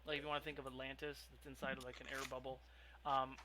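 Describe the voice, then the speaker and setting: A man's voice: mid-range voice, flat delivery, quick pace, noisy background. A man narrating as game master of a tabletop role-play, rambling with lots of ums and restarts. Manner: rambling, filler-heavy, self-interrupting.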